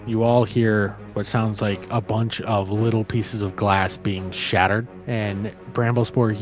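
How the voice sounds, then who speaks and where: A man's voice: fairly low pitch, a little mellow. A man narrating as game master of a tabletop game, easygoing and a little rambling.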